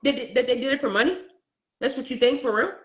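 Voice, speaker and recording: A woman's voice: high voice, fast talker. A woman hosting a casual podcast discussion, prompting with questions and short affirmations.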